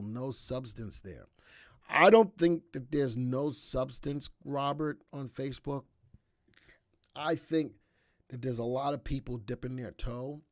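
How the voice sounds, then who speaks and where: A man of ordinary pitch hosts a live market analysis stream, chatting with energy and reacting to comments from his viewers. He keeps checking in with his audience as he talks through stock charts. His voice is recorded dry, with no room echo. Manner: chatty and energetic, often checking in with "all right?". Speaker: stock market show host.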